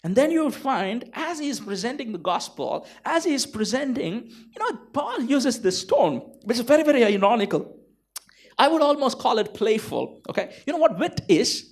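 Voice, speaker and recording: A pastor preaches with a rather high voice for a man. He keeps turning to his listeners with questions like "right?" and "you know that?". His delivery is emphatic and driven. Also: big pitch swings, normal speed. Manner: emphatic, full of rhetorical questions to the congregation. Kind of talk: sermon.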